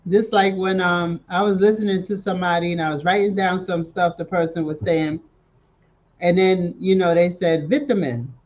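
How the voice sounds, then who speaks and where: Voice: medium pitch, fairly even intonation, moderate pace, highs cut off. A laid-back livestream co-host chatting casually, giving short replies and laughing along. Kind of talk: casual chat.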